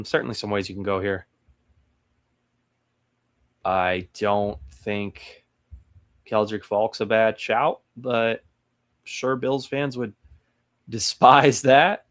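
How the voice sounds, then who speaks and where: A young man hosting a solo mock draft breakdown, thinking aloud with hesitant restarts. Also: on the low side. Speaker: sports channel host.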